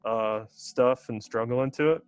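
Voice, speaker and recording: A man's voice: mid-range voice, normal speed, clear, resonant tone, no room sound, faint music behind. A young man as a podcast guest, chatting casually, hesitant and laughing often. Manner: hesitant, many fillers and restarts, laughs often. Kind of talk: casual chat.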